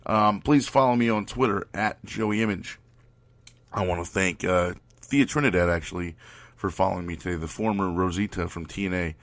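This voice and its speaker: A man's voice: low-pitched, moderate pace, dry recording. A man hosting his podcast, telling rambling, profane stories packed with fillers. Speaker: podcast host. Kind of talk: casual storytelling.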